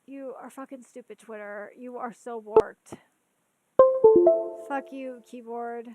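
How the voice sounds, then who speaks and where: A woman's voice: a little high, steady tone, slow pace, over music, poor audio. A woman in her thirties hosting a podcast, ranting casually and profanely with exasperation and chatting to her cat, a bit tipsy. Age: 30s. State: tipsy from drinking. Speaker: podcast host.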